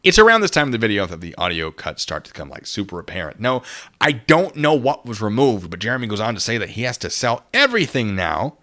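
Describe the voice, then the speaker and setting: A man streams live at a desk microphone, giving sarcastic commentary with joking asides and thanking viewers for donations. His low voice moves up and down a lot and has a bright, forceful edge. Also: fast. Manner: sarcastic, animated, laughing asides; reads donations and chat aloud.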